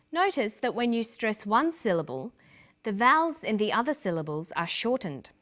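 A woman narrates an English lesson in a clear, measured teaching voice. Her delivery is scripted and careful, pitched at an everyday middle level. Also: a bit bright.

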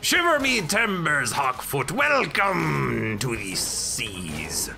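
A gruff joke pirate who keeps growling "arr," pitched up a notch and swinging wildly up and down, as a man hams it up. Game music plays behind him. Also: big pitch swings, slow, exaggerated voice. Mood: mock-pirate. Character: jokey cartoonish male pirate, gruff.

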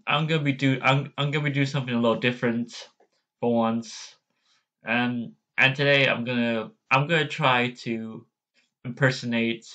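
Brief: slow-talking, self-deprecating guy vlogging, muffled lo-fi take. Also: mid-range voice, sharp tone. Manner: hesitant, self-deprecating, full of restarts. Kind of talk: casual vlog chat.

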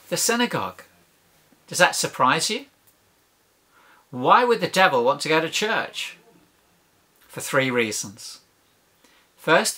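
A man's voice: mid-range voice, bright, forceful tone. A man preaching a sermon, emphatic, building points with rhetorical questions and lists.

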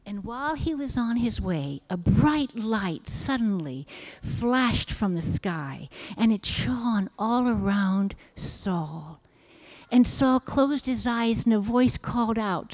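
A woman giving a children's sermon in church, reading a Bible story in a gentle, expressive storytelling manner. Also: medium pitch, takes it slowly. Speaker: children's message leader at church. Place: church sanctuary.

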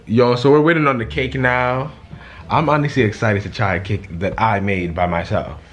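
A man's voice: medium pitch, fairly even intonation, normal speed, lo-fi sound, a little hiss or hum. A man hosting a casual vlog in a home kitchen, joking and teasing in loose banter. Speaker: vlog host. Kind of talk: casual chat.

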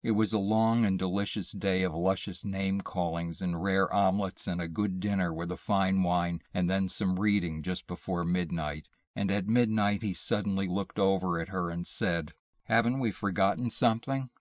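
A man reading a short story aloud in a measured, deliberate storytelling manner. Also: deep voice, steady tone, a little mellow, no room sound, studio quality. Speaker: audiobook reader.

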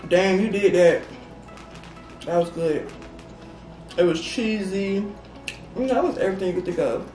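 Woman, relaxed food chat, mid pitch, distant mic, faint music behind. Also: normal speed, long pauses, roomy sound. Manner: relaxed, talks food between bites. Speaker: mukbang guest. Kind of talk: casual eating chat.

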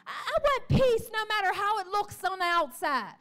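A woman with a strikingly high voice preaches a testimony in church. She tells her story with animation, slipping into the voices of the people in it and calling out to the congregation. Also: very animated, normal speed, fairly bright tone. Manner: calls out to the congregation. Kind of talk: sermon testimony.

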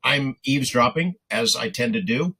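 An older man, a TV news reporter and guest, steadily recounting a story in detail, pausing on "uh" as he goes. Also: medium pitch, expressive, sharp tone, husky, rough recording. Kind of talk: anecdotal storytelling.

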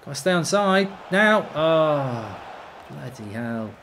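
Male streamer, 30s, sweary live game commentary, animated pitch, faint hiss. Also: slow pace. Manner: swearing, excitable outbursts. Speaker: gaming streamer.

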